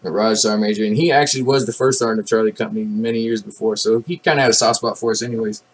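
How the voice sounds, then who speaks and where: A man's voice: lowish voice, fairly even intonation, very fast, slightly rough, low-quality recording. A man in his thirties, an army veteran telling stories in a casual, rambling monologue full of fillers and restarts, swearing now and then. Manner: rambling, laid-back, many fillers and restarts.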